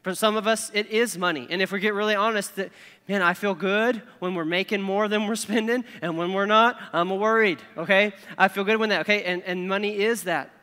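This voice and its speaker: Man, pastor, conversational sermon, forceful bright tone, reverberant hall. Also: sits high, fairly even intonation, brisk, clean tone. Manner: conversational preaching, frequent "okay?" and "right?" asides.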